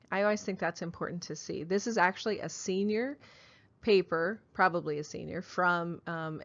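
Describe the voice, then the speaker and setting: A woman teaching a high school English class, explaining the assignment step by step and often checking in with "okay?". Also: highs cut off. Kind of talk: classroom lecture.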